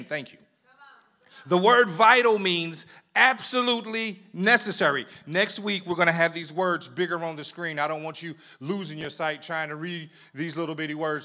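A man preaching a sermon in a church, reading scripture and repeating words as his fervor builds toward shouted climaxes. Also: high voice, fairly quick. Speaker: pastor. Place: church sanctuary.

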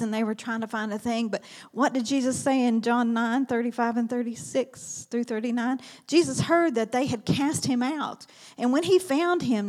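A woman's voice: on the high side, a little mellow. A woman teaching a sermon, reading Bible verses aloud in an earnest manner and dropping to a whisper at key words.

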